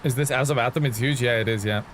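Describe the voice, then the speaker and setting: A man's voice: mid-range voice, fast, a little hiss or hum. A man streaming a truck game live, chatting casually with his viewers as he plays. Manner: chatty, greets and thanks chat while playing. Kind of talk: live gameplay commentary.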